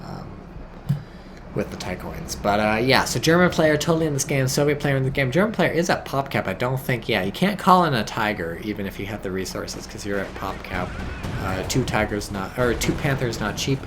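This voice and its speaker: A man giving casual, rambling game commentary full of swearing, tired and a bit drunk, with sudden bursts of excitement. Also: mid-range voice, a little fast, background noise.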